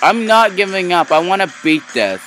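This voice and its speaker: A man playing a video game and ranting at it, with a bright, forceful voice that sits a little high. He keeps talking with frustrated, overblown complaints, and faint music plays underneath. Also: sing-song, normal speed, poor audio. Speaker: gamer. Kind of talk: casual gameplay commentary.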